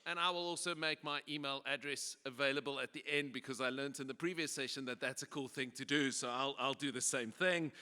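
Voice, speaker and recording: A man's voice: medium pitch, a little fast, few pauses, bright, forceful tone, clean tone. A South African man who pastors a church, giving a joking conference talk with lots of fillers and restarts. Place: large conference hall. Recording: echoey hall PA.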